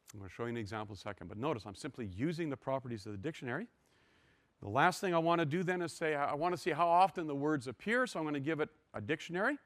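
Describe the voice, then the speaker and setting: A man's voice: a little high, a bit bright, no room sound. Older male lecturer, dry close mic, wry and self-deprecating, explains code step by step. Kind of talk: university lecture.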